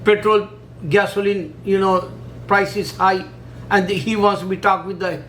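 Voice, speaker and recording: A man speaking halting, repetitive in a casual monologue, full of fillers. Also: high-pitched, fairly even intonation, a bit bright, a little hiss or hum, poor audio. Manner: halting, repetitive non-native English with many fillers. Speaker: religious video maker.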